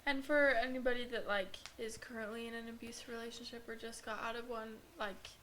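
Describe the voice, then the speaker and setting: A woman with a fairly high voice talks as a podcast guest. She tells her story earnestly, leaning on "like" as she goes. A faint hiss sits under her voice. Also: little pitch movement, fairly quick, a bit bright. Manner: earnest, filler-heavy storytelling with frequent "like". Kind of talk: casual podcast conversation.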